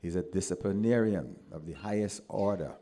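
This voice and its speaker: A former pupil with a Barbadian accent speaks at a ceremony, telling animated anecdotes and acting out the voices of the people he quotes. His voice is low-pitched and his pace is normal.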